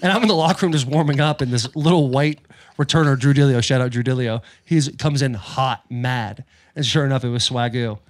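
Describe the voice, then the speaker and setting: Fast-talking man telling locker-room stories. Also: medium pitch, dry recording. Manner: animated storyteller, swears freely. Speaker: podcast co-host, former NFL lineman. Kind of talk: casual chat.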